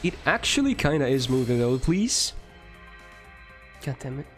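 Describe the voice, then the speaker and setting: Game streamer, casual, swears a lot, lively pitch, slow delivery, faint music underneath. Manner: swears freely, breaks into frantic yelling; reads and answers chat. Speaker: livestreamer. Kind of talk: casual live gameplay chat.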